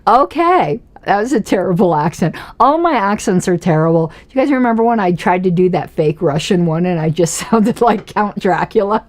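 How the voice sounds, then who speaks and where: A woman's voice: medium pitch, animated, normal speed, hardly any pauses. A woman hosting a casual political commentary livestream, chatty and self-mocking, often laughing as she talks.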